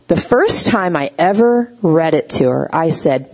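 A woman giving a casual teaching talk on gentle communication, chatty and full of fillers, who tells stories with animation. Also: low voice, animated, normal speed, few pauses, breathy edge, poor audio.

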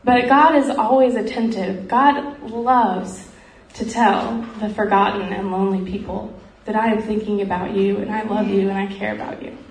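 A woman earnestly telling a missionary story in a heartfelt talk, often pausing with "um" and growing emotional. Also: mid-range voice, fairly even intonation. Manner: earnest, frequent ums, grows emotional. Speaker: speaker sharing a missionary story. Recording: roomy echo, faint background noise.

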